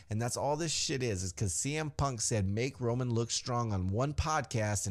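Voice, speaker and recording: A man hosting a podcast, ranting casually and heatedly about wrestling, swearing often and getting animated. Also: medium pitch. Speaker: podcast host. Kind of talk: casual wrestling commentary rant.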